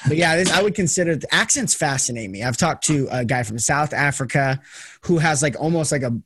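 A man's voice: a little high, lively intonation, brisk, fairly bright tone, husky, dry recording. Chatty young American man, dry sound. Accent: General American. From Las Vegas, USA. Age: young adult. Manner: chatty, loose, full of "like". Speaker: host. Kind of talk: casual conversation.

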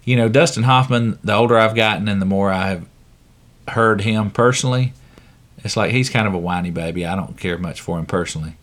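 Middle-aged man, podcast co-host, lowish voice, chatty, joking, opinionated. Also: brisk, fairly bright tone. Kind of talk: casual podcast chat.

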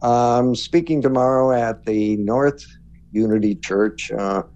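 A male guest speaker on a spiritual talk show, speaking in a measured way with many fillers. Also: mid-range voice, darkish tone. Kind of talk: casual interview talk. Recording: dull lo-fi sound.

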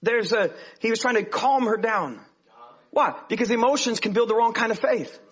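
A man preaching a sermon in an animated way, swinging from hushed to loud. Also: very high voice, moderate pace, breathy edge. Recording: dull lo-fi sermon recording.

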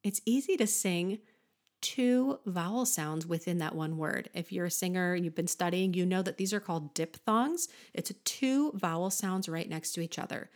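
A woman's voice: on the low side, moderate pace. A woman hosting a podcast singing lesson, explaining vowels patiently and breaking into short sung examples. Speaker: voice teacher and podcast host.

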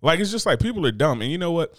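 Fast, lively man talking bluntly. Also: on the high side, no room sound, studio quality. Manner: blunt, profane, joking. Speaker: podcast co-host. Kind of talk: casual chat.

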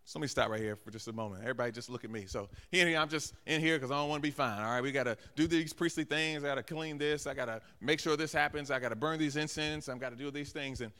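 A guest pastor preaches a sermon in a large church sanctuary, acting out little asides and calling out to the congregation. His medium-pitched voice is bright and forceful, and he talks fast with hardly any pauses, with a long hall reverb around him.

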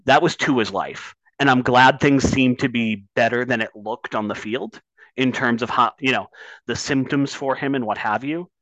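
A man's voice: mid-range voice, moderate pace, fairly bright tone, dry recording, muffled recording. A man talking sports on a podcast, building up heat and swearing when he gets worked up. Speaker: podcast co-host. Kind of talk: casual sports talk.

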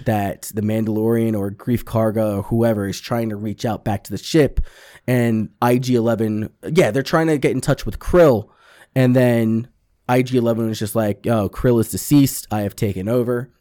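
A man's voice: on the low side, normal speed, warm tone. Profane man animatedly recapping a show. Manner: acts out characters' lines in quotes. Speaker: podcast co-host. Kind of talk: casual chat, recapping a TV episode.

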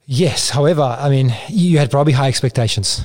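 An Italian-accented man with a mellow, dark voice speaks as a podcast guest. He talks plainly and pauses to find his words. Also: medium pitch. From Italy. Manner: hesitant, halting, plain-spoken. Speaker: martial arts guest. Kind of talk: casual podcast interview.

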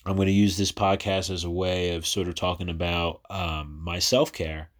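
Here a low-pitched man in his thirties from New Jersey speaks at normal speed with little pitch movement. Hosting his own podcast, he delivers a casual, chatty personal monologue that rambles, full of fillers and restarts.

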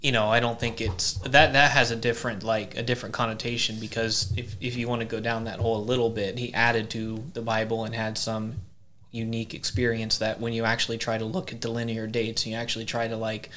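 Even-toned man explaining slowly. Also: lowish voice, a little hiss or hum. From southern Ohio. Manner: measured, searching for words, restarts. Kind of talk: casual conversation about faith.

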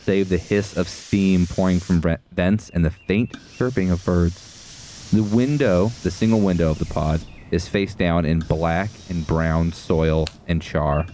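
A man narrating scenes as game master of a tabletop role-playing game, in a measured, descriptive way. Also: deep voice, fairly even intonation, mellow, slight background noise.

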